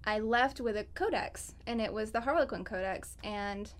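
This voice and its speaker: Woman, guest, casual interview, rambling and chatty, fairly high pitch. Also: moderate pace. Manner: chatty, rambling, laughs often. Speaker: guest on a gaming podcast.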